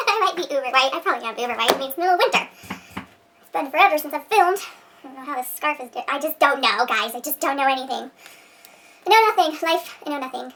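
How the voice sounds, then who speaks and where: Giggly high-voiced woman, rambling off-mic. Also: quick pace, pushed and bright, distant mic, a little hiss or hum. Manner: giggly, rambling, self-deprecating. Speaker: beauty vlogger. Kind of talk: rambling outtake chatter to camera. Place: room at home.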